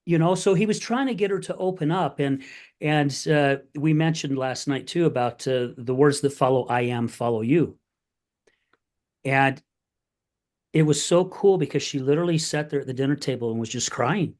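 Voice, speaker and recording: A man's voice: on the high side, normal speed. Storytelling middle-aged male podcast host. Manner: storytelling, animated retelling of conversations; candid, plain-spoken. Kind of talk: casual conversation.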